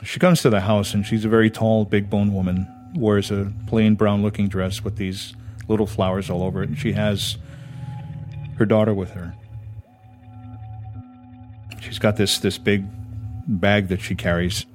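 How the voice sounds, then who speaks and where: A man from Hawaii telling a personal ghost story in a measured, dramatic, conversational way. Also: lowish voice, steady tone, darkish tone. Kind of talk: spoken storytelling. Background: music.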